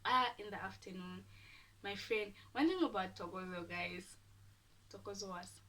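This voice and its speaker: A young woman from Namibia, telling a storytime with animated, dramatic delivery and whispered asides. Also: mid-range voice, distant mic. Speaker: YouTuber. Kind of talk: casual storytime.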